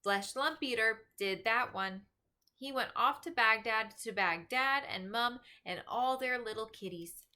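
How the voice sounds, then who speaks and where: Woman doing a high excitable storybook giant. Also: unhurried. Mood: eager. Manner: broken grammar, excited exclaiming. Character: big friendly male giant with mangled grammar.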